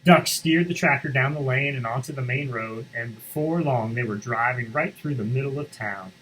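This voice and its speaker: Reading a picture book to schoolchildren for the morning announcements, a medium-pitched man tells the story expressively and pauses to explain things. The audio is rough, with a little hiss or hum.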